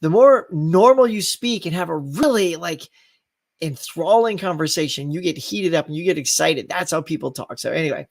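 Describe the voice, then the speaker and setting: A man hosting a casual live stream, rambling and animated and reading viewer comments. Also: a little high, normal speed, vocal fry, dry recording, studio quality. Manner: rambling, animated, laughs between thoughts. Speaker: live show host.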